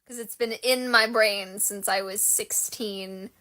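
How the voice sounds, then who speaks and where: A woman in her twenties chatting casually to her followers. She rambles and gushes with a self-deprecating edge. Her pitch sits in a middle range. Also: steady tone, slow, bright, forceful tone. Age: 20s. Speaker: fan content creator. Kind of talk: casual chat.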